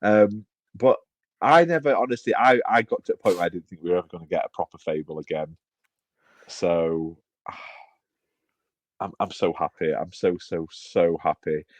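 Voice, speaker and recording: A man with a fairly low voice, chatting as a podcast co-host. He rambles, restarts his sentences and jokes at his own expense. His voice is recorded close and dry, with no room sound. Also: moderate pace, no echo. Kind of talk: casual chat.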